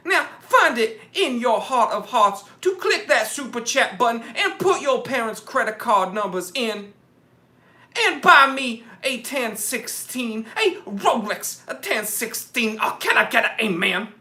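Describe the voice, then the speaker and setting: A man voicing a pompous male televangelist, preachy and drawn-out as he pleads for donations. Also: very high voice, very animated, pushed and bright, pitched above the performer's own voice, full character voice. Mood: preachy pleading. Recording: echoey room.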